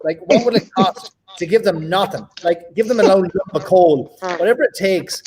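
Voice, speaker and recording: A man's voice: high voice, normal speed, noisy background. A man hosting a casual video-call chat, teasing his guests in playful banter. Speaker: host.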